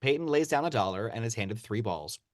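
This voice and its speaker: A man's voice: mid-range voice, fairly quick, no room sound, studio quality. Man reading screenplay action lines. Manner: steady read-aloud narration. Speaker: narrator of stage directions.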